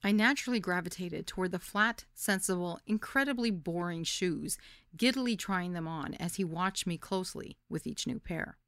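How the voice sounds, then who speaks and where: A woman's voice: lowish voice, normal speed, a bit bright, no echo, clean studio sound. A woman podcast host reading a candid first-person memoir story.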